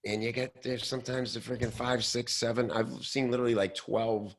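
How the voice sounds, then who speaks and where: A man hosting a show, talking casually and loosely with many fillers and restarts, now and then slipping into quick mock voices. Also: medium pitch, little pitch movement. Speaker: host. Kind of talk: casual podcast talk.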